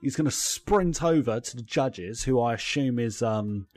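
A man's voice: medium pitch, expressive, unhurried, darkish tone, dry recording. A young man, co-hosting a casual comedy chat, riffing playfully with lots of fillers. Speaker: podcast co-host.

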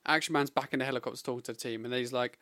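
A man's voice: mid-range voice, fairly even intonation, very fast, pushed and bright, no room sound, clean studio sound. A man and podcast co-host in casual chat, walking through a cartoon's plot step by step and voicing the characters' lines.

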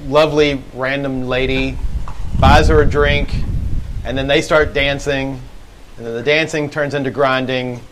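A man's voice: mid-range voice, flat delivery, normal speed, fairly bright tone, slight background noise, rough recording. A man co-hosting a live podcast, telling a story in a laughing, goofy way. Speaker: podcast co-host. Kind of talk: casual live podcast chat. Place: live event venue.

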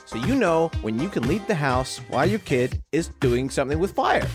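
A man's voice: sing-song, normal speed, music in the background. A man putting on a brash, crude bad-mom film star in a comedy skit. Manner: brash, crude, high-spirited. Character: boastful bad mom, a film actress, adult woman.

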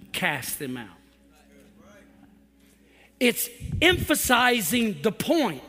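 A man preaching a sermon as pastor, rising to fervent shouts and sinking back to a low voice. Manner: preaches in swelling shouts, then drops to a low quiet voice. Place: church hall with a congregation. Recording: long hall reverb with faint music.

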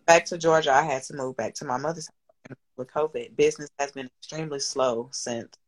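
A woman's voice: low voice, fairly even intonation, fairly quick, rough recording. Candid, swearing woman in her thirties. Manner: candid, rambling, swears freely, emotional. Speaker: guest, business owner and single mother. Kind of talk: candid podcast conversation.

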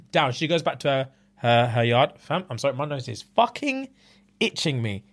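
A man, co-hosting a casual podcast and telling a story in an animated way, full of slang and laughter. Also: mid-range voice, normal speed. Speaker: podcast co-host. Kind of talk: casual chat.

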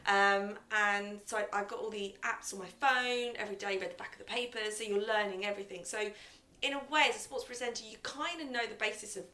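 A woman chats easily about her presenting work, her voice bright and forward. She talks loosely, with fillers and easy laughs. The room around her is echoey. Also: medium pitch, fairly quick. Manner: chatty, laughing, sprinkled with 'um' and 'like'. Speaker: sports presenter guest. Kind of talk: casual podcast chat.

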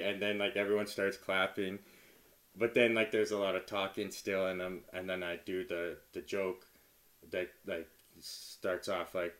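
Brief: casual comedian guy, filler-heavy, laughs through his story, dips quiet then bursts loud. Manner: laughs often, many "like" fillers, swings from low mumble to loud excited retelling. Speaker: stand-up comedian.

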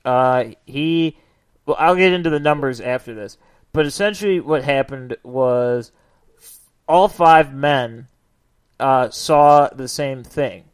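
A man's voice: mid-range voice, slow, smooth, no echo, clean studio sound. A man from the Chicago area co-hosting a podcast, blunt and profane in casual chat. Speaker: podcast co-host.

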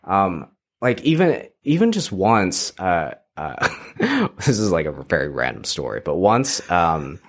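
Guest, male, young, very low voice, halting and chatty, laughs a lot. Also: huge pitch swings. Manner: rambling, halting, laughs often. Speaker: podcast guest. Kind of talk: casual conversation.

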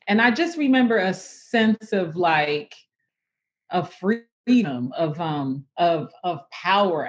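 Woman, interview guest, reflective, emotional, filler-heavy, unhurried, muffled audio. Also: on the low side. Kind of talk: personal conversation.

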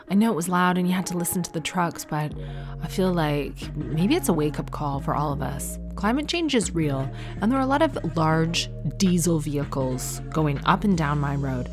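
Canadian lady vlogging from home, pretty low voice, chatty, pokes fun at herself. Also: expressive, moderate pace, soft background music. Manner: chatty, self-mocking, opinionated. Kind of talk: casual chat to camera. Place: indoors at home.

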